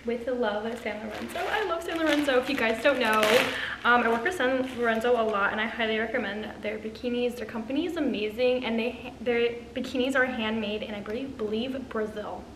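A woman's voice: fairly high pitch, brisk. A woman in her twenties, a vlogger casually unboxing a haul, gushing and bubbly with lots of fillers. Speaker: influencer vlogger. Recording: echoey room with faint ambient noise.

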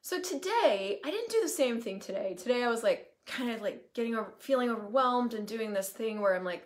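A woman hosting a casual live stream, talking in an animated way with the odd swear word and drifting into asides, in the middle of her usual pitch range. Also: quick pace, few pauses. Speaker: host, coaching facilitator.

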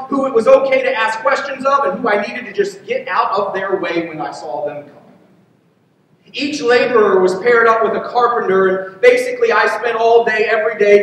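A pastor with a very high voice tells a story from the pulpit in an earnest, personal way. He sounds distant from the mic, and his words ring through a big hall with a long trailing reverb. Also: a bit bright, slight background noise. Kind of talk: sermon. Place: church sanctuary. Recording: echoey hall from far off.

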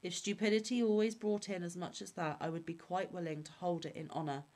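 A woman's voice: lowish voice, fairly even intonation, brisk, darkish tone, natural voice. A woman voicing a scheming, smug peasant man in a fairy-tale reading. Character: sly, scheming male peasant, middle-aged.

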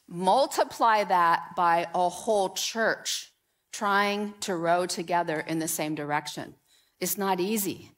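A woman pastor preaches in a church, conversational and animated. She tells personal stories, invites people up to help, and talks straight to the congregation. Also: medium pitch. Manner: conversational, animated storytelling with audience participation. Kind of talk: sermon. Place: church sanctuary.

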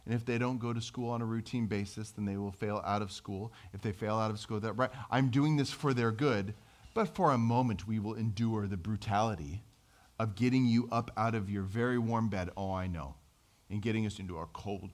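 A man's voice: medium pitch, a bit bright. A middle-aged man preaching a sermon as pastor, in a conversational, self-deprecating way with acted-out quotes.

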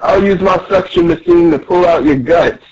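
A man's voice: high voice, moderate pace, a little mellow, highs cut off, slight background noise, voice pushed up, natural voice. A man doing a gloating factory boss. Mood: menacing. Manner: threatening, gloating. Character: menacing male factory boss, cruel, gloating.

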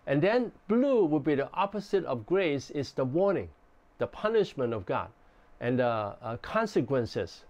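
Gentle, slightly high-voiced man preaching. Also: dull audio. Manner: gentle, explanatory, with many restarts. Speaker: pastor. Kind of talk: teaching sermon.

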